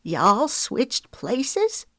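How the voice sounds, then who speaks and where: Woman narrator doing an older grandma, sharp and demanding, raised voice, dry close read. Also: high voice, huge pitch swings, very slow, dry recording, pitched above the performer's own voice, heavily acted. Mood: astonished. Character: stern suspicious older Southern grandmother.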